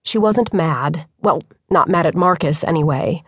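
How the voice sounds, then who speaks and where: A woman narrating an audiobook in an even, measured storytelling manner. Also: deep voice, breathy edge, dry recording, clean studio sound. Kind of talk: scripted narration.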